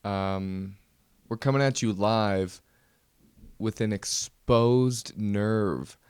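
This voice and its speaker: Speaking extremely slowly in a smooth, darkish voice on the low side, a podcast host gives a nervous, self-mocking rant as a solo comedy monologue. The studio-quality recording has no room sound.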